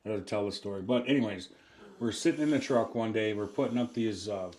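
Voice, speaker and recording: A man's voice: lowish voice, fast talker, darkish tone. A man co-hosting a casual chat, telling anecdotes in a laid-back, easygoing way. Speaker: co-host.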